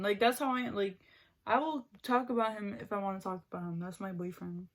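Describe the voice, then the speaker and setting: A young woman's mid-range voice runs a little fast with fairly even intonation. She's a beauty vlogger doing her makeup while rambling chattily about her boyfriend and constantly saying "like."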